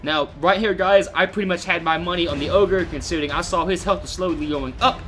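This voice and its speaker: A man's voice: high-pitched, brisk, a bit bright, soft background music. A young man hosting a gaming channel, giving casual, jokey, profane gameplay commentary to his viewers.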